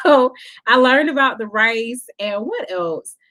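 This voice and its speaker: A woman's voice: fairly high pitch, big pitch swings, slow, bright, forceful tone. A woman from South Carolina, a guest telling stories in a casual chat and laughing often.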